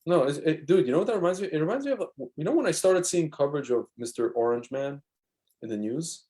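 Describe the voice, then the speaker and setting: A man's voice: a little high, expressive, fast, warm tone. A man co-hosting a podcast, rambling through stories in casual chat and acting out the quotes. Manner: rambling storyteller, acts out quotes. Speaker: podcast co-host.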